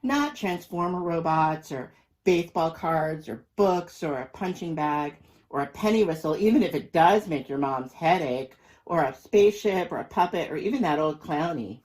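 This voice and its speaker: A man voicing a stubborn little boy who drives a hard bargain, with flat, dismissive replies in a storybook reading. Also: a little high, moderate pace, lightly acted.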